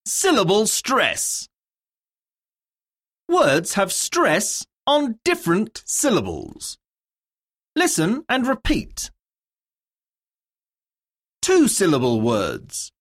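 A woman narrating an English lesson, reading words and sentences slowly and deliberately. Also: mid-range voice, huge pitch swings. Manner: slow, deliberate word drilling. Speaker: course narrator. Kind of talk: scripted narration.

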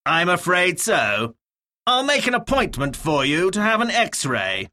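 A woman voicing a calm doctor in a language-course dialogue. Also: fairly low pitch, a little slow, heavily acted.

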